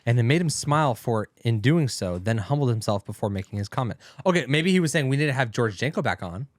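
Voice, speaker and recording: A man's voice: mid-range voice, animated, dry recording, studio quality. A man co-hosting a casual reaction podcast, talking in a conversational, joking way. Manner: conversational, joking, with quick laughs. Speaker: podcast co-host.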